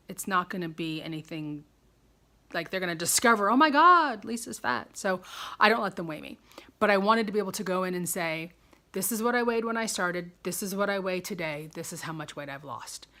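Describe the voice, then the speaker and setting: A woman's voice: on the low side, sharp tone. Chatty woman in her fifties. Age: 50s. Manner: chatty, rambling, self-deprecating. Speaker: vlogger. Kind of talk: casual personal video diary. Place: at home.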